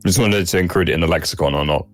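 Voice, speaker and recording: A man's voice: sits low, rapid-fire, soft background music. A man from the southeast of England with a Southern English accent, a player chatting casually and apologetically about the game. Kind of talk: casual chat between game sessions.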